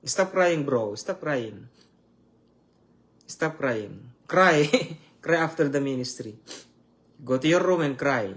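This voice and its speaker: A man preaching and praying online, emotional and repetitive, with halting restarts. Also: fairly high pitch, animated, a bit bright. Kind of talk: online sermon with prayer.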